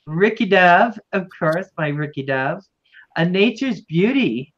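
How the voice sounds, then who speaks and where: A woman's voice: lowish voice, expressive, a little slow. Chatty woman hosting a lo-fi livestream. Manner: chatty, affectionate greetings to viewers. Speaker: livestream host. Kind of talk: casual livestream chat.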